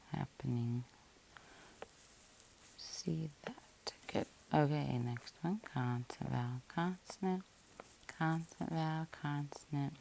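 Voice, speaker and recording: A woman's voice: low-pitched, gravelly, warm tone, a little hiss or hum. A woman teacher giving a patient, methodical phonics lesson, breaking words into syllables and spelling them out letter by letter.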